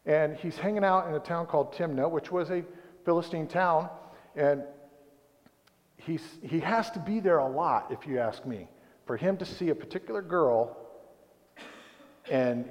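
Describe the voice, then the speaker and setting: A man's voice: a little high, expressive, normal speed, long pauses. A man preaching a sermon in a rambling, conversational way, often breaking off and restarting his sentences. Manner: rambling, conversational, self-interrupting. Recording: dull recording in a reverberant hall.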